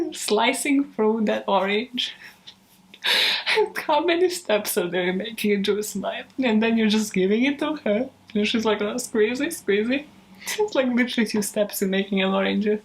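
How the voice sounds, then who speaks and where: A young woman in casual outtake chatter to the camera, profane, giggly and self-mocking, on a desk microphone at home. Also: medium pitch. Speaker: true crime YouTuber.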